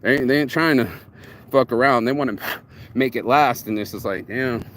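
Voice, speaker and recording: A man's voice: medium pitch, moderate pace, fairly bright tone, slight background noise. Rambling, cursing man musing aloud. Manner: rambling, profane, self-reflective. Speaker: vlogger. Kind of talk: casual reflective monologue.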